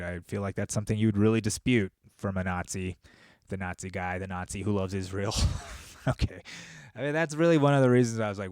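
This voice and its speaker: A man hosting a podcast, talking in a casual, profane, rambling monologue with bursts of animated storytelling. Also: fairly low pitch, brisk, dry recording, clean studio sound. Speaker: podcast host.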